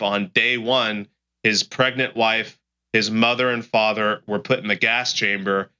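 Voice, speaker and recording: A man's voice: on the low side, sharp tone, smooth. A man hosting an interview, reacting with enthusiasm and explaining history to his guest. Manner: enthusiastic, informative. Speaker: podcast host. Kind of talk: conversational interview.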